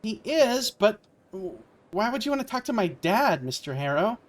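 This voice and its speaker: A man voicing a polite young woman who works as a motel receptionist, in a chirpy sing-song falsetto while reading game dialogue aloud. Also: huge pitch swings, moderate pace, fairly bright tone, full character voice.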